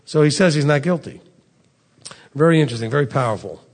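A man with a notably high voice preaches a sermon, reading scripture aloud and putting pointed questions straight to his congregation. His emphatic delivery rings out in a large hall with a long reverb tail. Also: expressive, fast. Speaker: pastor.

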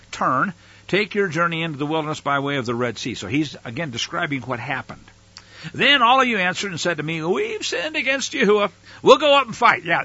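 A man's voice: a little high, sharp tone, breathy edge, lo-fi sound. A man teaching from the Bible, reading scripture aloud with dramatic emphasis and breaking in with casual, plain-spoken asides.

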